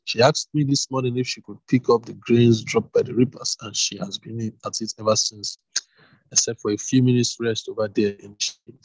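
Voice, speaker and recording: A man voicing a plain-spoken farm foreman in a read-aloud Bible story, with a husky voice. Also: mid-range voice, fairly even intonation, normal speed, no room sound, lightly acted, poor audio. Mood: explaining.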